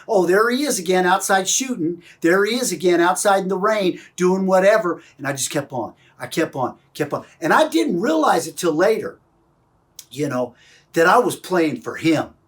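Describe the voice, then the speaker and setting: A man coaching through an emphatic motivational talk, pressing the viewer with repeated questions. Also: on the high side.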